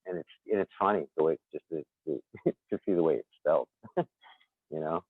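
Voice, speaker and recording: A man's voice: a bass voice, a little fast, slightly rough, dry recording. A man with a Boston accent, chatting as a podcast guest in a rambling, chuckling way. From Boston area, USA. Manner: rambling, chuckling, repeats himself. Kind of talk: casual chat. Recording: tinny phone-like call line.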